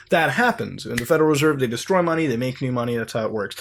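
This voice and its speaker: A man's voice: mid-range voice, animated, fast, gravelly, few pauses, a little hiss or hum. A man hosting casual, rambling commentary while browsing websites, swearing freely. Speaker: host.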